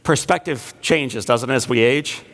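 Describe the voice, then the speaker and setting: Male inspirational speaker, middle pitch, storyteller mixing humor and quiet emotion. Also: normal speed, a little hiss or hum. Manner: storytelling, shifting between playful asides and hushed emotional lines. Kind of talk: inspirational speech to a large audience. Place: large banquet hall.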